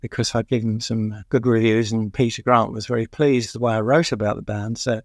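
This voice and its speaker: An older man from England recounts stories as an interview guest, his voice gravelly and fry-edged. He rambles with many fillers and chuckles at his own tales. The sound is dry and close. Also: lowish voice, fairly even intonation, a little fast, darkish tone, no echo. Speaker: music journalist guest. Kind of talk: anecdotal interview storytelling.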